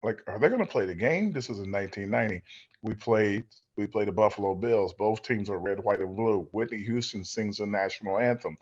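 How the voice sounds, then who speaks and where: A middle-aged man and former football player, telling stories as a guest in a relaxed interview, rambling and acting out the voices of people he quotes. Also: on the low side, highs cut off. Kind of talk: storytelling in a casual interview. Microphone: video call.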